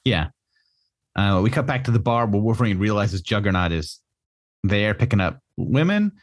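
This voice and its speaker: A man's voice: on the low side, lively intonation, normal speed. A man co-hosting a podcast, rambling casually about comics with plenty of fillers and frequent laughter. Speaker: podcast co-host.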